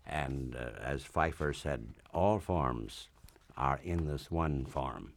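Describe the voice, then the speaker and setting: Male radio host, very low voice, earnest, halting, stumbles over words. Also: expressive, gravelly. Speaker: radio interviewer. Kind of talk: radio interview.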